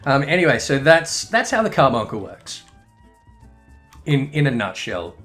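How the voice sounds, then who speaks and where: A man's voice: mid-range voice, very animated, a little slow, fairly bright tone, faint music behind. A man giving casual, rambling gameplay commentary, swearing and correcting himself as he goes. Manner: rambling, profane, self-correcting. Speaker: game commentator.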